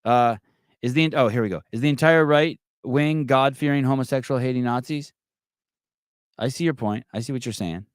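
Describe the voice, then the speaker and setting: A man's voice: medium pitch, normal speed, clean tone, no echo, clean studio sound. A middle-aged man hosting a live call-in podcast, brash, mocking and profane in casual chat. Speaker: podcast host.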